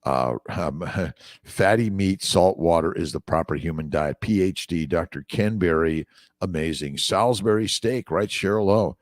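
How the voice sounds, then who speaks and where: Deep-voiced older man, dry close sound. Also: normal speed, no echo. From United States. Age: 60s. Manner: rambling, encouraging, reads out names and comments. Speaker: doctor hosting a morning livestream. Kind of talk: casual livestream chat reading viewer comments. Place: away from his usual office. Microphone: phone mic.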